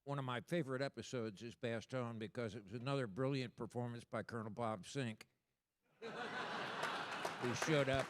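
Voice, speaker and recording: A man on a panel reminiscing hesitantly, with many pauses and fillers. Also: mid-range voice, animated, fairly bright tone.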